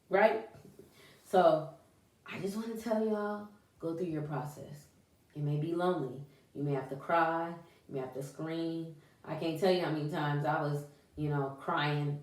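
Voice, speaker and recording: A woman with a fairly low voice gives a casual, encouraging vlog talk. She speaks in an animated, folksy way and sprinkles in churchy exclamations. The sound is roomy and echoey, with her voice a little distant from the microphone. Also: measured pace. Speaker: vlogger. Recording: echoey room, voice away from mic.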